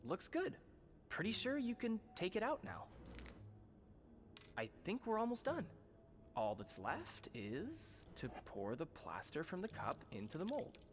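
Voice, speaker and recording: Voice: mid-range voice, huge pitch swings, measured pace, slight background noise. An actor voicing a bookish, thoughtful young game companion who talks with hesitant musing. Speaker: game character Nocturne. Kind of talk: video game voice acting.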